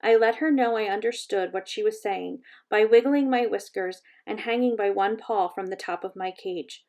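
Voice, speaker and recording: A woman reading a children's chapter book aloud in a gentle, measured storytelling voice. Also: mid-range voice. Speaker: reader.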